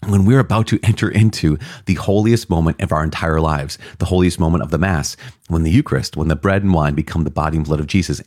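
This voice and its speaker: A man preaching a Catholic sermon, earnest and animated, who acts out short quotes and laughs at his own asides. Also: deep voice, no room sound, studio quality.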